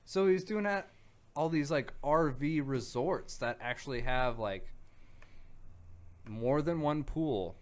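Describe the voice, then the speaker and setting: A man's voice: a little high, animated, slow. A man co-hosting a casual podcast, rambling through stories with many fillers and restarts. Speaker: podcast co-host. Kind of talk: casual chat.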